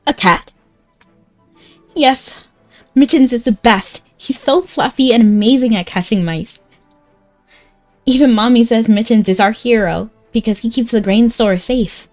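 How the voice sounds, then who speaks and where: A woman's voice: a little high, a little slow, long pauses, a little mellow, faint music behind, natural voice. A woman voicing a small, earnest village girl who lost her cat and asks for help. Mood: pleading. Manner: earnest, pleading.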